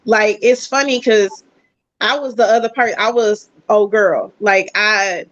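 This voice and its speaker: A woman guest chatting casually, telling a personal story in animated bursts. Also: mid-range voice, a little slow, no room sound. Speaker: podcast guest. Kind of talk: casual chat. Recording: dull, dry lo-fi sound.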